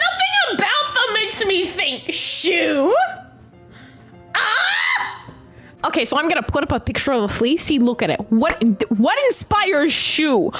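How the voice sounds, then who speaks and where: A young woman retelling a fairy tale in casual chat while gaming, animated, ranting and incredulous. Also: very high voice. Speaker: storyteller and gamer.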